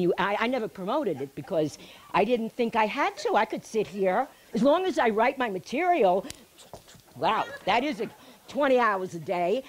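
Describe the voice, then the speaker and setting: A middle-aged woman speaks to a live audience. Her voice rises and falls a lot as she tells a personal story. She talks in a chatty, animated way and laughs at her own tale. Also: mid-range voice. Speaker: speaker giving a healing talk.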